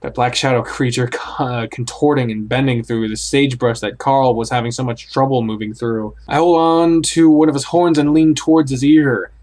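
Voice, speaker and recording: A man's voice: medium pitch, steady tone, normal speed, hardly any pauses, darkish tone. A man reading a horror visual novel aloud in the first person, acting it out and blurting out startled reactions. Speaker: let's play host.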